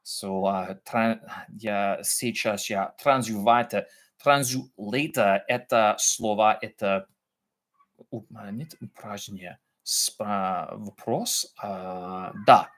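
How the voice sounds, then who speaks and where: A man's voice: fairly low pitch, slow pace, fairly bright tone. A middle-aged English-speaking man hosting a casual live language-practice stream, thinking aloud with many fillers and restarts as he tries Russian words. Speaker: vlog host practicing Russian.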